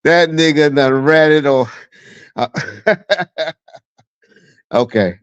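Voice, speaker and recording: A man hosting a live stream, reacting to a clip with loud mocking laughter and profanity. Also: a little high, very slow, smooth, no room sound. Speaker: live show host. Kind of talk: casual live-stream commentary. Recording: dull dry lo-fi sound.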